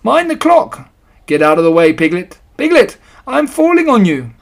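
A reader voicing a slow-thinking, gentle bear in a storybook reading, thoughtful and a little mumbly. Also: medium pitch, big pitch swings, husky, voice pushed up. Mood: alarmed.

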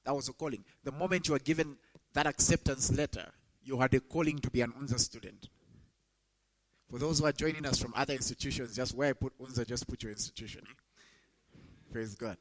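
A young adult man preaching a sermon to students, rising sharply in pitch when he quotes scripture. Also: a little fast, pauses often, low-quality recording. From Zambia. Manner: emphatic, rises sharply when quoting scripture.

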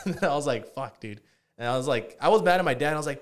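A man's voice: medium pitch, rapid-fire. Casual swearing storyteller man. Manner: rambling, heavy swearing, many fillers. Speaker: podcast co-host.

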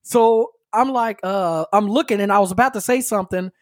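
A man co-hosting a podcast, telling a story in an animated, slangy, casual way. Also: high voice, brisk, no room sound, clean studio sound. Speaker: podcast co-host. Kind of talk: casual chat.

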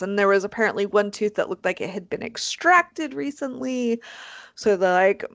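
A woman hosting a casual podcast chat, animated and swearing freely, with lots of fillers. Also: medium pitch, moderate pace, no echo. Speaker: podcast host.

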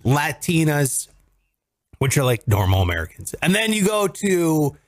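Animated, joking man hosting a podcast. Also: a little high, unhurried. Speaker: podcast host. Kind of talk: casual podcast banter.

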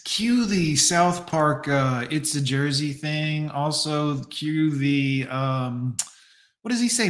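A man's voice: on the high side, steady tone, takes it slowly, roomy sound. A man giving mocking, sarcastic commentary to his stream chat while reacting to a video.

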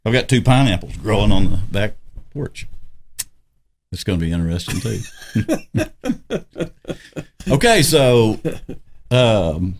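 A man with a very low voice hosting a casual podcast chat. He rambles in a homespun way and chuckles often. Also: expressive, takes it slowly, pauses often. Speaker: podcast host.

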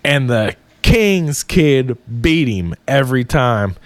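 A man's voice: mid-range voice, slow, clear, resonant tone, dry recording. Give me a man telling a story casually and profanely in a dry, close recording. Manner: profane, animated, laughs while telling.

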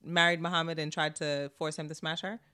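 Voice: medium pitch, little pitch movement, a little fast, sharp tone, smooth. A podcast co-host with a New York accent, from Brooklyn, telling stories in a casual, slangy, profane chat and laughing often.

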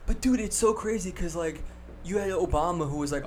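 Man, casual podcast chat, excitable, slangy, slightly high voice, faint noise. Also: a little fast. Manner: excitable, slangy, repeats words.

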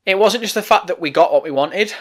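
A man's voice: high-pitched, fast. A man hosting a wrestling podcast, ranting in a heated, profane way. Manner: profane, angry, emphatic.

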